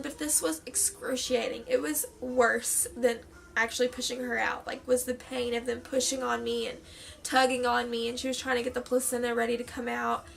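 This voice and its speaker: A young adult woman casually telling her own story to camera, talking quickly with many fillers and acting out what others said. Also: on the high side, gravelly. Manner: animated, quick, many fillers, acts out quoted voices.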